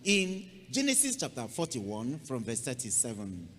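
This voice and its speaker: A man's voice: mid-range voice, huge pitch swings, moderate pace, fairly bright tone. A male pastor preaching a sermon, telling a scripture story dramatically and acting it out. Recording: long hall reverb, faint noise.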